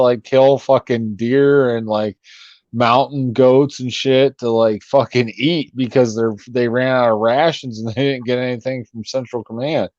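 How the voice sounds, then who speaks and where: Relaxed guy guest on a podcast, chuckles a lot, kinda dull lo-fi dry sound. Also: mid-range voice, no room sound. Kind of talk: casual chat.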